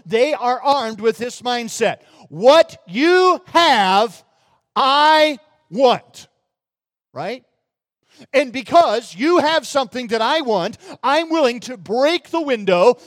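A Southern man delivering a sermon in an unusually high voice. He preaches emphatically, drawing out and lifting the lines he quotes. The sound is dry and close, with no room around it. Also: no echo. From Mississippi, USA.

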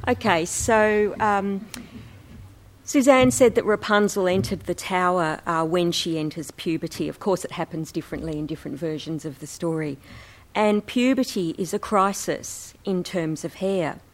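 A woman presenting slides to an audience in a measured, explanatory way. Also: fairly low pitch. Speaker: presenter, co-editor of a book. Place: talk before an audience.

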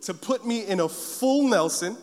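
A preacher with a very high voice tells his congregation a personal story at an unhurried pace, animatedly acting out scenes. The long reverb of a large hall rings around his words.

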